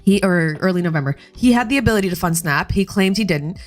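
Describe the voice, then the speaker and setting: A woman's voice: lowish voice, animated, fast, faint music behind. A woman hosting a casual political livestream from home, heated and swearing, firing off bursts of outrage. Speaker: livestream host. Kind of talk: casual political commentary stream.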